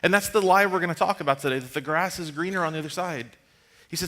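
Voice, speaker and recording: A man in his thirties preaches from a church stage with a high, bright, forward voice. He tells stories in a loose, conversational way. He turns hushed and low when things get serious. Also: fast talker. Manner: conversational, animated storytelling, drops to a hushed tone for serious moments. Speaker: pastor. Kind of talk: storytelling sermon.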